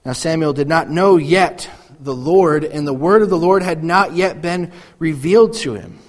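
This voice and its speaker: A man preaching a sermon, reading scripture and acting out the voices in the story with animated energy. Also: a little high, normal speed, big-room sound. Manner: animated, acts out biblical voices. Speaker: pastor.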